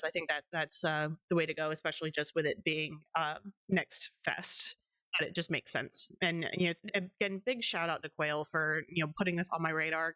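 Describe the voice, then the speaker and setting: A young woman wraps up her game stream, talking in loose, rambling chat full of ums and giggles. Her voice sits a little low. The sound is dry and close to the mic. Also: fairly bright tone, dry recording. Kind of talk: casual stream wrap-up chat.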